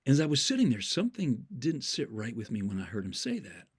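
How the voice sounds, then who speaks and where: A man's voice: medium pitch, huge pitch swings, quick pace, breathy edge. Earnest man preaching with repeated emphasis. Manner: cites scripture verses from memory. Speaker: Christian speaker. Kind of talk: sermon-style storytelling.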